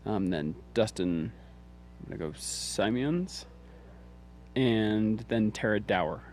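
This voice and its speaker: A man's voice: fairly low pitch, animated, slow, a little mellow, slight background noise. A man commentating live on a mountain ultramarathon livestream, easygoing with a dry sense of humor.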